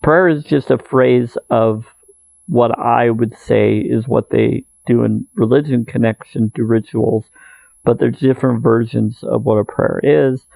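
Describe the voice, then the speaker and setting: A man's voice: mid-range voice, fairly even intonation, a little slow, vocal fry, darkish tone, no room sound, poor audio. A man giving an earnest, meandering spiritual monologue, repeating phrases as he goes. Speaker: spiritual video maker.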